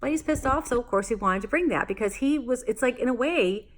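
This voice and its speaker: A woman's voice: a little high, expressive, brisk, slight background noise. A woman vlogger telling a story in a casual, exasperated rant, rambling with fillers and restarts. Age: adult, married homeowner.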